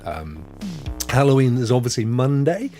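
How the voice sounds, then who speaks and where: Animated male stream host. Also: mid-range voice, normal speed, faint music behind. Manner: chatty and animated, greets viewers warmly by name. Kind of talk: live-stream chat reading viewer comments.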